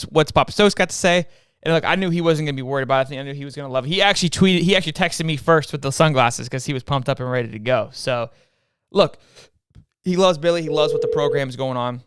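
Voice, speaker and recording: A young man hosting a casual sports talk stream, energetic and repeating his words as he goes. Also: on the high side, clean tone, no echo, clean studio sound. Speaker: host.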